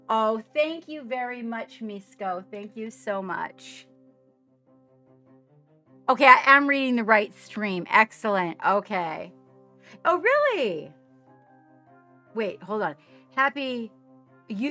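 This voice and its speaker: Bubbly, bright-voiced woman streamer. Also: on the high side. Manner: bubbly, chatty, laughs at herself. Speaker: streamer chatting with viewers. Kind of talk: casual live-stream chat. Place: home studio.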